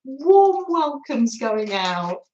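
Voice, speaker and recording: Chatty older woman, slow and lively. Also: high voice, echoey room, lo-fi sound. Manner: chatty, greets viewers by name, reads comments aloud. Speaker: craft livestream host. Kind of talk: chatty livestream craft session.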